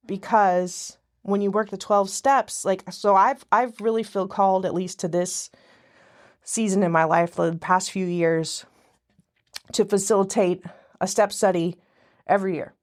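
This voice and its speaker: A woman guest in casual podcast conversation, talking in a rambling way that often breaks off and restarts mid-sentence. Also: mid-range voice. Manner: rambling, self-interrupting, frequent restarts.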